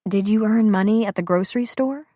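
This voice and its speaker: A woman voicing a kind young mother who speaks gently and patiently. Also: mid-range voice, a little fast, no room sound, clean studio sound, pitched above the performer's own voice, natural voice. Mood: gentle.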